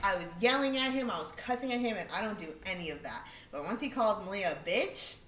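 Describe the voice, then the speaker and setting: A young woman co-hosting a podcast, telling a story in a casual, animated way, acting out what people said and swearing freely. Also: medium pitch, fast, distant mic, a little hiss or hum. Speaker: podcast co-host. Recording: echoey room, away from the mic.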